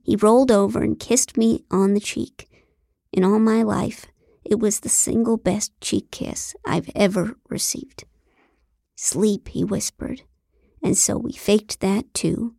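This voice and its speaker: A woman narrating a comic novel in the first person, with a deadpan, wry delivery. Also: medium pitch, measured pace, creaky, no room sound, studio quality. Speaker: audiobook narrator.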